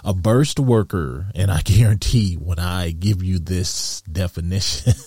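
Slow deep-voiced man musing on a podcast. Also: breathy edge, no echo. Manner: slow, musing, with soft laughs and restarts. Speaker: podcast host. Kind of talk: reflective solo podcast monologue.

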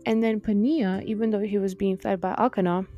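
A woman's voice: mid-range voice, fairly even intonation, brisk, dark tone, highs cut off, faint music behind. A woman hosting a podcast, giving a casual, heartfelt Bible talk full of fillers like "like" and "you know.". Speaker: podcast host teaching the Bible.

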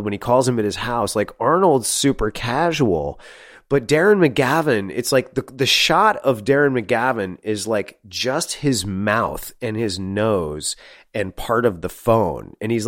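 A man co-hosting a movie review podcast, talking in an animated way, often laughing and saying "like" a lot. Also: medium pitch, no room sound, studio quality. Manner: animated, laughing, heavy use of "like". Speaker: podcast co-host. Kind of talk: casual movie review chat.

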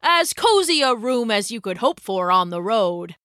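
A woman's voice: a little high, very animated, normal speed, fairly bright tone, no echo, studio quality. A woman voicing a cheerful young male musician and poet. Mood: cheery. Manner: cheerful, light.

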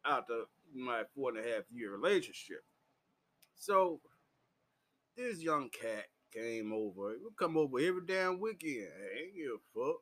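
A tipsy man telling a crude personal story in casual, profane vlog style, laughing often and shouting when he gets heated. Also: big pitch swings, normal speed. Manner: loud, crude and laughing, swings into high shouting. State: drunk. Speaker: vlogger.

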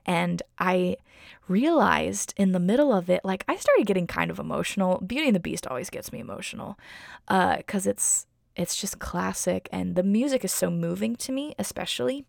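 Young woman host, very creaky voice, dry close sound, chatty and effusive storyteller. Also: on the low side, dry recording. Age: young adult. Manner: chatty, gushing, heavy use of "like" and "um". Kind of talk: casual personal storytelling.

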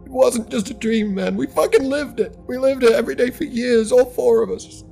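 A man's voice: very high-pitched, normal speed, creaky, warm tone, soft background music, pitched above the performer's own voice. A man voicing a traumatized young man, sobbing, panicked and swearing in a horror story. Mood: distraught. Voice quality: shaky, tearful, sobbing.

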